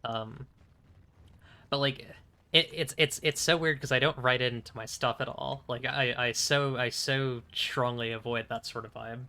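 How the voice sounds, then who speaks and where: A man's voice: mid-range voice, fairly even intonation, moderate pace, pushed and bright. A young man streaming a game, chatting casually in a rambling, hesitant way with frequent chuckles. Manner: rambling, hesitant, lots of fillers and restarts, chuckling. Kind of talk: casual chat while playing a game.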